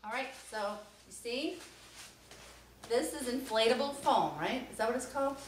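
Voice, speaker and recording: A woman unboxing an instrument in a casual vlog, gushing and excitable, laughing often. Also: a little high, normal speed. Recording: roomy, mic at a distance, background noise.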